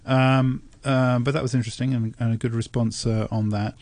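A man with a gravelly voice presents a casual radio chat, recorded dry and close on a studio mic. He talks thoughtfully, pausing and restarting as he works through his points. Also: mid-range voice, level tone, darkish tone, no room sound. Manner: hesitant, many ums and restarts, thoughtful. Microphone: studio microphone.

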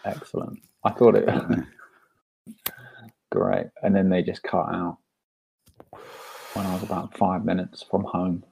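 A man with a low, heavily gravelly voice trades wry jokes in a relaxed chat. His sound is husky and rough, and he laughs easily. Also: slow pace, long pauses, rough recording. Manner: wry, joking, laughs often. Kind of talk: casual conversation.

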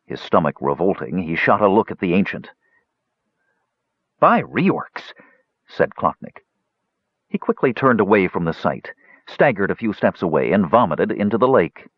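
Male fantasy narrator, low and lively, dry dull lo-fi sound. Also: no echo. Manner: expressive, measured reading. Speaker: audiobook narrator.

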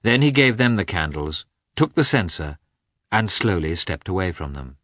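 Male audiobook narrator, measured literary reading, very low voice, dry close sound. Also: very animated, a bit bright, dry recording. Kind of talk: scripted narration of a classic novel.

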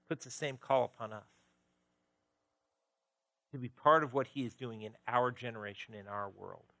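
Male pastor, sermon, animated delivery, bright tone, dry sound. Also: medium pitch, no echo, poor audio. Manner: animated, swinging from loud emphasis to quiet.

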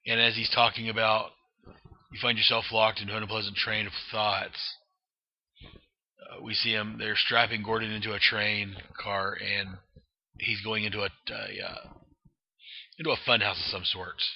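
A man who reads and reviews comic books describes one casually, rambling with many fillers and restarts on a dull lo-fi recording. His voice is fairly low and gravelly, flat in delivery, at normal speed with frequent pauses.

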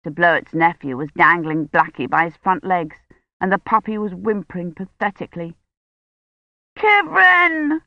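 A woman reading an audiobook in measured, scripted narration. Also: on the low side, fairly even intonation, dry recording. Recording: dull, dry studio audiobook recording.

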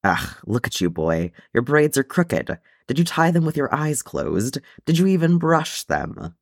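A man voicing a gruff old dwarf father who fusses fiercely over his son. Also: on the high side, very animated, measured pace, dry recording, clean studio sound, pitched above the performer's own voice, full character voice. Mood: fussing.

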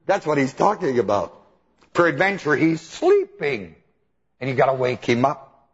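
A man preaching a sermon, telling the story with animated mimicry and chuckles. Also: mid-range voice, moderate pace, breathy edge. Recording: dull old hall recording.

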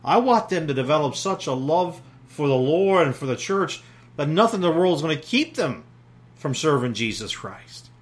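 A middle-aged male pastor from Newfoundland delivers a sermon in a folksy, plain-spoken manner. He stumbles over fillers and restarts as he goes, his voice sitting a little higher than most men's. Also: very animated, moderate pace.

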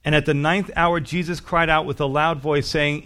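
A man's voice: fairly high pitch, fairly even intonation, normal speed, hardly any pauses, a bit bright. Man preaching an expository sermon. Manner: expository preaching, acts out scripture voices. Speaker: pastor.

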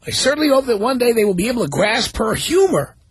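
A man's voice: very high voice, sing-song, fast talker, husky, no echo. A man hosting a talk radio show, reading news stories aloud and commenting on them sarcastically.

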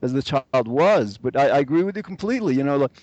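A man's voice: mid-range voice, animated, fast, a little mellow, no room sound. A man in a casual podcast discussion, agreeable, restarting often and using fillers. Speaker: podcast guest.

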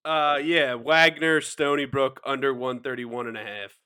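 A man's voice: mid-range voice, steady tone, measured pace, bright, forceful tone, clean tone. A man in casual podcast banter, joking and laughing often as a co-host giving betting picks.

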